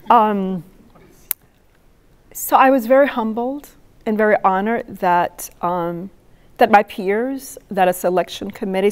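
Middle-aged woman from North Carolina, poet at a lectern, lively storyteller, quizzes the crowd. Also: medium pitch. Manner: animated, asks the audience questions. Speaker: poet giving a talk. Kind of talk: storytelling talk to an audience.

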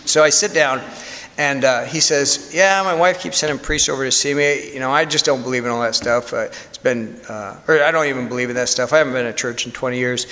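A priest telling a story in a candid, conversational sermon with self-deprecating humor. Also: male voice, medium pitch, fairly quick, pushed and bright. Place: church. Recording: long church reverb.

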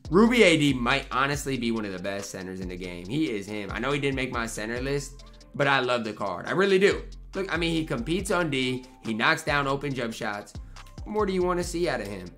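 A man's voice: medium pitch, sing-song, a little fast, fairly bright tone, soft background music. A young man commentating his own basketball video game match, ranting in frustration and talking to himself between plays. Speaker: gaming YouTuber. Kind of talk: live gameplay commentary.

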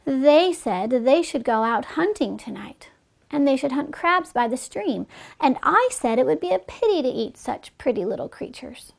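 Woman voicing a cunning male fox, sly, smooth-talking, storybook fable, fairly high voice, gravelly edge. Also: expressive, normal speed, full character voice. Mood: plaintive. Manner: sly, persuasive, sometimes hushed.

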